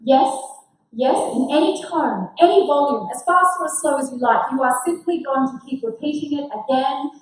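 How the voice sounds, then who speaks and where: A woman spiritual coach leading a group exercise and giving a motivational talk, encouraging and earnest. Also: sits high. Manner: encouraging, energetic, laughing often; soft slow guiding voice. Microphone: own mic, muted at times. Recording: very echoey room.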